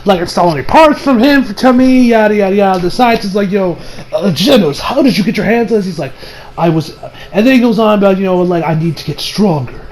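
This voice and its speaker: High-voiced man rambling through a recap. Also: animated, quick pace, a little mellow, slight background noise, low-quality recording. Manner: rambling, acts out characters' lines with laughs. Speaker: anime reviewer. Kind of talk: casual episode recap.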